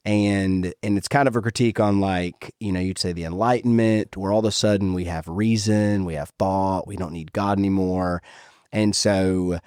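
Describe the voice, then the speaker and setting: Low-voiced male podcast host. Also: fairly even intonation, moderate pace, a little mellow, clear, resonant tone, no echo, studio quality. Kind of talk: casual conversational interview.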